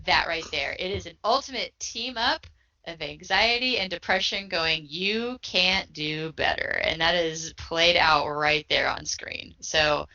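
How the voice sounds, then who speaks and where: A woman's voice: on the low side, measured pace, vocal fry, pushed and bright. A woman co-hosting a podcast, chatting frankly and casually, swearing now and then and laughing often. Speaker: podcast co-host. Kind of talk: casual chat. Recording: dull lo-fi podcast audio.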